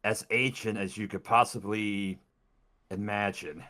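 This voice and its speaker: A man narrating a tabletop game as dungeon master, describing scenes in an expressive way. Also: fairly low pitch, a little slow.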